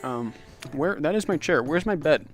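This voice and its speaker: A man's voice: fairly high pitch, lively intonation, moderate pace, faint music behind. A young man chatting casually on a livestream, rambling with lots of fillers while answering chat. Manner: rambling, filler-heavy, reads chat aloud. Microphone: clip-on magnetic microphone.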